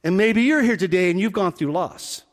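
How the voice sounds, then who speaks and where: A high-pitched man preaching a sermon in a church. He tells the story with animated energy and sinks to a near hush for emphasis. His voice carries a long reverb through the sanctuary. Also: normal speed. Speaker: pastor.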